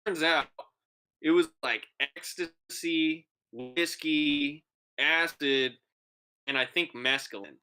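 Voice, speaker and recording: A young podcast co-host with a fairly high, clear, resonant voice takes his time telling a long, profane story in casual chat. He stays animated throughout and acts out the voices of the people involved.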